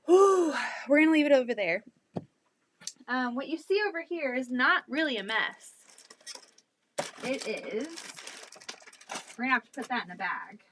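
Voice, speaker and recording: A woman chatting excitedly and a bit out of breath while showing quilts from her home sewing room, speaking into her laptop. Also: sits high, moderate pace, pauses often, noisy background. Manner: chatty, excitable, laughs often. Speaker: quilting channel host. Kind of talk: casual livestream chat.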